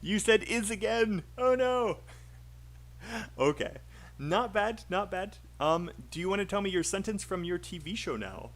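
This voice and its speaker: A man's voice: high voice, animated, measured pace. A man teaching a live online English speaking class, encouraging and laughing often.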